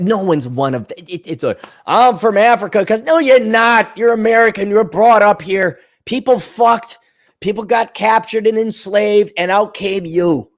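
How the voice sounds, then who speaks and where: A middle-aged man from Minnesota hosting a podcast, ranting casually, swearing and mocking with sarcastic impressions. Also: high-pitched. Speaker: podcast host. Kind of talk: casual monologue.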